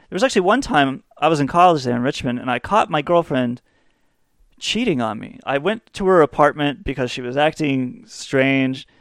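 A man's voice: a little high, fairly bright tone, clean tone, dry recording, studio quality. A young adult man hosting a podcast, telling rambling, profane, self-mocking stories in a casual way. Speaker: podcast host. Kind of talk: casual comedic storytelling.

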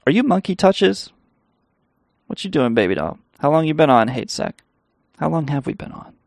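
Gravelly dude on his stream rambling thru a story, swears a lot, dry close sound. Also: a little high, a little mellow, no room sound. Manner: rambling, profane, laughing. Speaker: live stream host. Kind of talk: casual storytelling and reading chat.

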